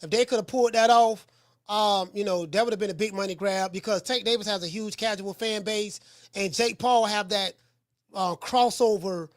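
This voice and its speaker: A man hosting a call-in boxing talk show, chatting in a relaxed, rambling way that circles back and repeats points. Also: high-pitched, normal speed, no echo, clean studio sound. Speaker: boxing coach and show host.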